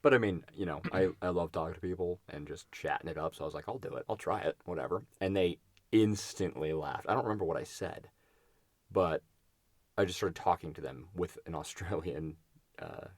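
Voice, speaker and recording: A man with a very low voice co-hosts a casual podcast, chatting loosely and laughing as he goes. He trails off and restarts his sentences mid-story, and his voice sits dry and close to the mic. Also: brisk, dry recording. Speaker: podcast co-host. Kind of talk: casual chat.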